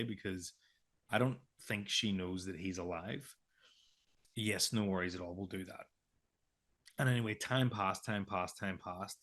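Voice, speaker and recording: A man's voice: low-pitched, a bit bright. A man on a podcast telling a personal story of a hard birth, acting out the lines of nurses and doctors, with frequent restarts. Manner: emotional retelling with quoted dialogue, hesitant restarts. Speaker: podcast co-host.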